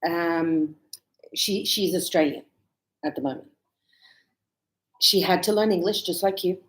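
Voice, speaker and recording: A woman teaching a relaxed spoken lesson, chatty and animated as she tells stories and laughs often. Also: on the low side, measured pace. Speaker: English teacher. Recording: echoey room.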